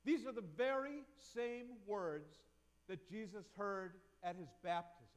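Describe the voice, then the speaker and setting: Brief: male pastor, high voice, slow and questioning sermon delivery, long church reverb. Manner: reflective, asks the congregation questions. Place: church sanctuary.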